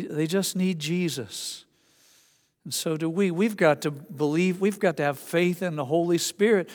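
A man preaching a sermon as a pastor, telling folksy stories between scripture. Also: fairly high pitch. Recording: long hall reverb.

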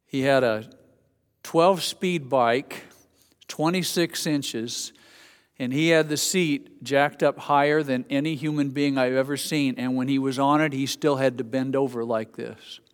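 A man's voice: mid-range voice, steady tone, measured pace, clear, resonant tone. A man preaching a sermon as a pastor, telling folksy stories between scripture. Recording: long hall reverb.

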